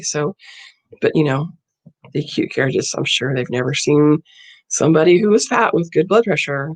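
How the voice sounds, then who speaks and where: A woman's voice: low-pitched, fairly quick. A woman vlogger telling a story in a casual, blunt and indignant way.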